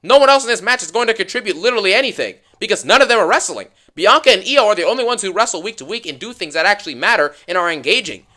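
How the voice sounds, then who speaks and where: A man's voice: sits high, animated, racing, hardly any pauses, bright, forceful tone. A young man ranting sarcastically to his viewers, exasperated and mocking the people he recaps in funny voices. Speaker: wrestling commentator ranting to viewers.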